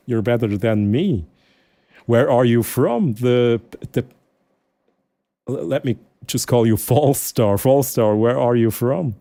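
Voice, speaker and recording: A man from Switzerland with a Swiss German accent, a native Swiss German speaker chatting casually with his stream viewers in English, often pausing and restarting as he searches for words. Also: medium pitch, creaky, dark tone, no room sound. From Switzerland, Aargau. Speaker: live streamer.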